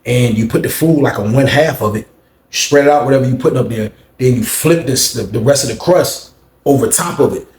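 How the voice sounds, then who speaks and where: A young man with a mid-range voice speaks briskly, his recording carrying a roomy echo. Using heavy slang, he tells a story casually and animatedly, acting out every person's voice.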